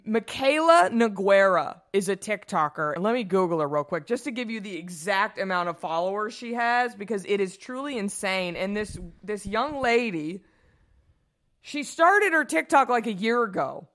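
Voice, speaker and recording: A woman co-hosting a beauty podcast in casual chat, gushing and enthusiastic, speeding up when excited. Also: mid-range voice, moderate pace. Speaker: podcast co-host.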